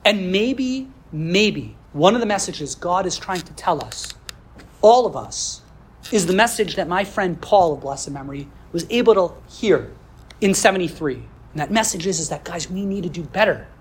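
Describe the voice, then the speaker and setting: A woman's voice: on the low side, animated, normal speed, slight background noise. A woman teaching a Jewish history class for a podcast. She speaks earnestly, builds her points with rhetorical questions, and mixes in Hebrew religious terms.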